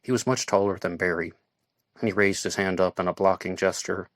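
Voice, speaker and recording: A man reading an audiobook in steady, measured scripted narration. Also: sits low, no room sound, studio quality.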